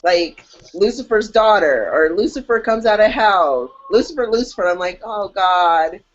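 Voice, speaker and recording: Woman cohost gabbing on a podcast, lively jokey delivery, kinda dull lo-fi sound. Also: mid-range voice, moderate pace. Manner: animated, jokey, acts out reactions. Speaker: podcast co-host. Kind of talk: casual chat. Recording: dull lo-fi audio.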